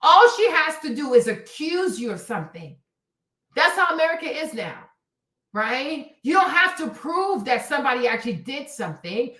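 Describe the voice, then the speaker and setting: A high-voiced woman rants through a livestream commentary, swearing freely and hammering her points with repetition. Her voice rings around a hollow, echoey room. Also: very animated, moderate pace, fairly bright tone. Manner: profane, emphatic, repeats herself for emphasis. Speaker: livestream host. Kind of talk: heated commentary rant.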